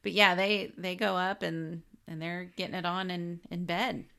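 A woman's voice: on the low side, little pitch movement, normal speed, vocal fry, sharp tone. A woman co-hosting a podcast, recapping a film in casual chat and acting out its lines in exaggerated voices. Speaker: podcast co-host.

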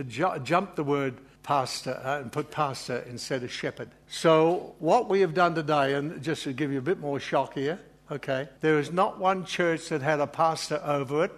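A man delivers a sermon to a congregation in a loose, conversational way, his voice sitting a little higher than most men's. He gets emotional at times and fills his talk with fillers and self-deprecating asides. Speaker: preacher.

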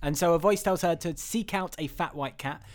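A man's voice: a little high, normal speed. A young man co-hosting a casual film chat, rambling with lots of restarts and frequent laughter. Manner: rambling, laughs often, many restarts and fillers. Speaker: podcast co-host.

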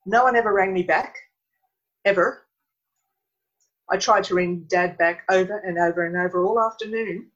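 A middle-aged woman with an Australian accent, telling a painful personal story as an interview guest, earnest and halting, often restarting her sentences. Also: mid-range voice. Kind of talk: emotional personal account. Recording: dull lo-fi recording.

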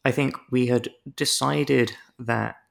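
A man with a rough, gravelly edge to his voice reviews a film in loose conversation. He rambles a little, then lands a dry, exaggerated comparison. His pitch sits in an ordinary middle range. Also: steady tone, takes it slowly. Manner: rambling, wry, builds comic analogies. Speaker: film review podcast co-host. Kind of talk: casual film review chat.

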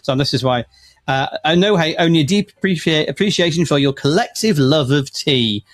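A man's voice: fairly high pitch, expressive, a little fast. A man co-hosting a live audio chat show, chatty and rambling with lots of fillers and restarts. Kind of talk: casual chat.

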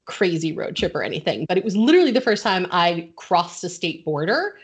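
A woman's voice: on the low side, very animated, a little fast, breathy edge. A middle-aged woman from Connecticut hosting a podcast, telling a story in casual chat and laughing often. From Connecticut, USA. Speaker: podcast host.

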